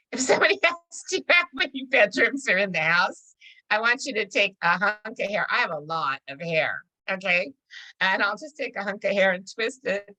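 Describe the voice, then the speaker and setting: A woman's voice: on the low side, sharp tone, no echo, poor audio. A middle-aged woman teaching a real estate course in a casual, chatty way, often laughing as she tells stories. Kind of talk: casual classroom lecture.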